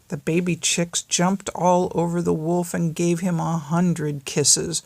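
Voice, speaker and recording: Older woman, grandmother, bedtime story reading, slow, gravelly, husky. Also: on the low side, level tone, a little mellow, no echo.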